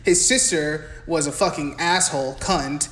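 A young man co-hosting a casual movie podcast, recapping the plot in a crude, profane, animated way. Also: fairly high pitch, unhurried. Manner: crude, profane, animated retelling with mimicked quotes. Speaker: podcast co-host. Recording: echoey room with faint background hiss.

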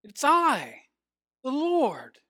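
A man voicing a calm, patient divine voice calling down from above a cliff in a sermon story. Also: extremely high pitch, very slow, dry recording, studio quality, voice pushed up, full character voice.

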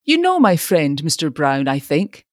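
A man's voice: fairly high pitch, huge pitch swings, no echo, clean studio sound. A woman voicing a polite motorist who offers help in a courteous, brief way. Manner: polite, brisk.

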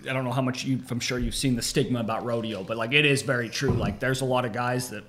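A young man, a bull rider, chatting as a guest in a halting way, often repeating words as he starts. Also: mid-range voice, fairly even intonation, background noise. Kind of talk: casual interview chat.

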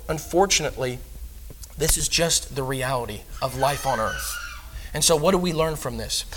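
A young man preaching an earnest, emphatic sermon, growing loud on key points. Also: fairly high pitch.

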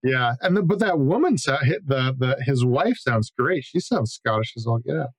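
A man in casual movie chat, profane and laughing, telling animated stories. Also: medium pitch, normal speed, no echo. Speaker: podcast co-host.

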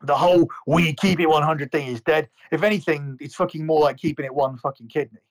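A man's voice: fairly high pitch, steady tone, brisk. A man co-hosting a podcast, ranting in a heated, profane way and often repeating words. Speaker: podcast co-host. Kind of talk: heated casual podcast rant.

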